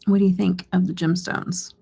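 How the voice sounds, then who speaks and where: Gravelly husky middle-aged woman host. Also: lowish voice, level tone, normal speed, dark tone. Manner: chatty, laughs often. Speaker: beauty channel host. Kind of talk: casual live-stream chat.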